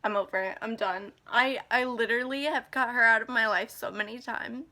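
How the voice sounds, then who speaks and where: A woman's voice: fairly high pitch, fairly quick, bright, forceful tone. A woman in her twenties talking to camera in a personal vlog, upset and angry, ranting and close to tears. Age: 20s. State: emotional, close to crying. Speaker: vlogger.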